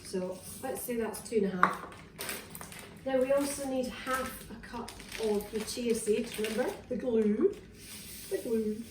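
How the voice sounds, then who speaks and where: A woman's voice: fairly high pitch, measured pace, background noise. A woman with a Scottish accent casually walks through a cooking demonstration in her home kitchen. She talks in a chatty, rambling way, with fillers and restarts. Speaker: wellness vlogger. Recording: roomy, distant, with clattering kitchenware. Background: clinks of dishes, cutlery and pans.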